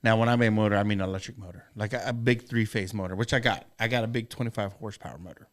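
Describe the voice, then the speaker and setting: A man's voice: on the low side, steady tone, rapid-fire. A middle-aged man and podcast co-host, telling a long personal story in a rambling, earnest, profanity-laced way. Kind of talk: casual storytelling chat.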